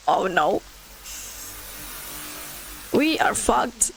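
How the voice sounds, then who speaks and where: A woman streaming a horror game playthrough, reacting excitably with swearing and laughter. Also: high voice, a little slow, rough recording.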